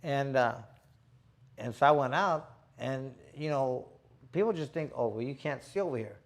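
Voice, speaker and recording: Gravelly, slangy retired boxer telling stories. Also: male voice, mid-range voice, moderate pace. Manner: animated, slangy, acts out quotes. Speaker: boxer and show host. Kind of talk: casual storytelling chat.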